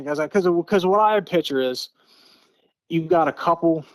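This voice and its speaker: A man's voice: mid-range voice, normal speed, no echo. A middle-aged man from Eastern Maryland, a podcast guest telling a story in an earnest, repetitive way, often restarting his phrases. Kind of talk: casual storytelling.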